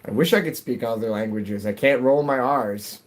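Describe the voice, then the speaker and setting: With a mid-range voice at normal speed, this live streamer from New England rambles through one topic after another as he plays. He keeps things casual with his audience and laughs a lot.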